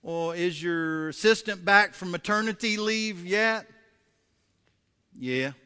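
A male preacher playing a frustrated wife, drawn out and exasperated as she complains. His bright voice rings through a large hall with a long tail of reverb. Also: sits high, slow, clear, resonant tone, exaggerated voice.

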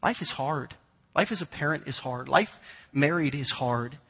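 A man preaches in a casual, storytelling way, his voice sitting a little high for a man. He is recorded in a large church hall with a long reverb trailing his words. The sound is dull and lo-fi. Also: normal speed, creaky, breathy edge. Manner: conversational storytelling, animated imitations of children. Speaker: pastor. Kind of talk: sermon.

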